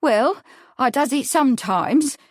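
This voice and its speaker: A woman's voice: lively intonation, normal speed, no echo, clean studio sound. A woman voicing a grudging working-class London witness in an audiobook. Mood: reluctant. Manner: grudging, ungrammatical, high and loud.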